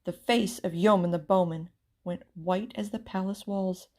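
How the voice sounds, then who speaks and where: A woman reading a children's storybook aloud with expressive, theatrical narration. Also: mid-range voice, normal speed. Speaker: storybook reader.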